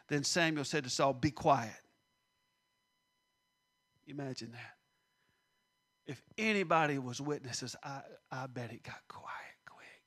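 A preacher man with a bright, forceful voice that sits a little high for a man. He preaches a sermon with animation, acting out the scripture voices and sinking to a near-whisper at times.

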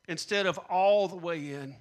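A man's voice: high voice, unhurried. A man preaching a sermon, repeating punchlines and leading call-and-response with the congregation. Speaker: pastor.

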